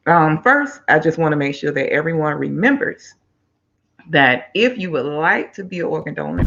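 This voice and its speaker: A woman's voice: low voice, very animated, normal speed, a bit bright, dull audio. A woman hosting a live-stream talk show, chatty and upbeat, speaking straight to her viewers.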